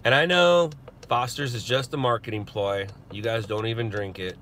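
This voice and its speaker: Parked in his car, a male news stringer chats into his phone for a live stream, cracking jokes and laughing a lot. His mid-range voice is a bit bright and moves at a normal speed, with slight background noise behind it.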